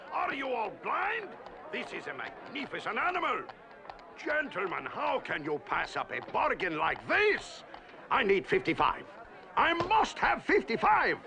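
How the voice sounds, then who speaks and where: An actor playing a pompous, boisterous male horse auctioneer in an animated film, with mocking laughter and salesman patter. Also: high-pitched, vocal fry, heavily acted.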